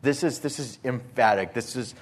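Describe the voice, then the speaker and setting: A man preaching a sermon, earnest, swinging between forceful emphasis and hushed softness, often repeating words as he restarts phrases. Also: mid-range voice, normal speed. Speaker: pastor.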